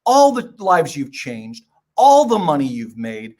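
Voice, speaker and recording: A man's voice: on the high side, wildly swooping pitch, a little slow, a little mellow. An older man speaking as a podcast guest, giving emphatic, preachy advice in short punchy phrases and telling stories. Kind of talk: motivational podcast talk.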